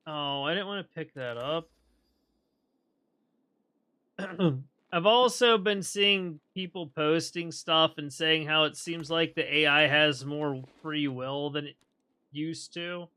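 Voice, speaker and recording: A man streaming a game, rambling in casual commentary as he thinks aloud and often clears his throat. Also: a little high, unhurried, sharp tone.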